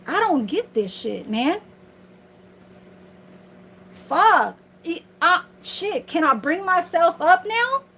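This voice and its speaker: A woman's voice: extremely high pitch, sing-song, takes it slowly, pauses often, pushed and bright, poor audio. A woman ranting on her livestream from home in a casual, heated, profane and rambling way.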